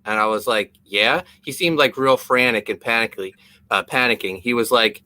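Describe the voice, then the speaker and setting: A man's voice: mid-range voice, normal speed, sharp tone. A man co-hosting a casual comedy podcast, telling stories in a rambling way that stumbles over and repeats words. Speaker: podcast co-host.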